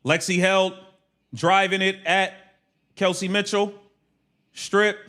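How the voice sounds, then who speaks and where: High-pitched and sharp, this man's delivery is flat as he gives casual livestream play-by-play. He fires off quick, clipped calls, swearing and brashly making fun of the players.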